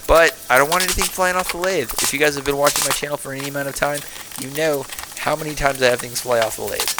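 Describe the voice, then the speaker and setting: A man's voice: medium pitch, noisy background. A man with a Texan accent giving tired, rambling, self-deprecating voice-over commentary on his woodturning project late at night. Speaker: woodturning channel host.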